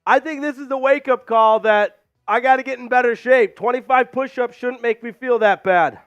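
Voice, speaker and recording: Winded, high-voiced man hyping a live stream. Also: normal speed, clean tone, dry recording, dull audio, soft background music. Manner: hyped, shouting out chat names. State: out of breath. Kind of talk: energetic live stream chat. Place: studio.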